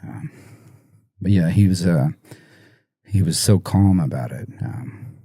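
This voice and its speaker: Musician guest, man, low and very dark voice, halting and choked up, dry close sound. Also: animated, breathy edge, no room sound. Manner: halting, soft-spoken, many fillers and restarts. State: emotional, choked up. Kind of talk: podcast interview.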